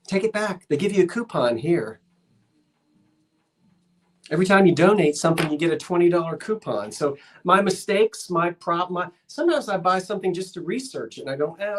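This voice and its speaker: Rambling chatty live-sale host. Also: mid-range voice. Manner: rambling, chatty, self-deprecating asides; reads viewer comments and runs countdowns. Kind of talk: casual live-stream selling chat. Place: shop, indoors.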